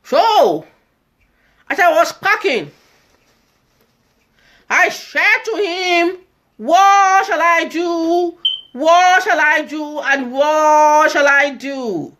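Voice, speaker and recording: A woman's voice: high-pitched, extremely slow, pauses often, a bit bright, heavily acted. A woman in a comedy skit playing a fussy elderly mother who pleads and wails, with a squawky, cracked voice. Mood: pleading. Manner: pleading, repetitive, wailing complaints. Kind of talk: comedy skit, live video.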